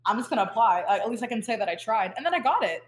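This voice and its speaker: A woman's voice: on the high side, animated, very fast. Chatty young woman in an echoey room. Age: young adult. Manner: chatty, filler-heavy, laughing storyteller. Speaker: guest student. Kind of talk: casual chat.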